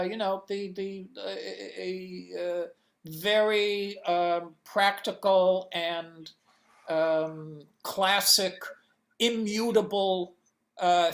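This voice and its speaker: Slow, halting man searching for words. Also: sits high. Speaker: comics inker, guest. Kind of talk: interview answers.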